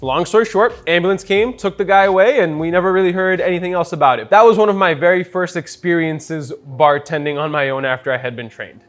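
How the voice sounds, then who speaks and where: A young man, a bartender telling a story in a casual, animated way while making a cocktail. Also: high-pitched, fairly quick, hardly any pauses, soft background music. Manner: chatty, animated storyteller with many fillers.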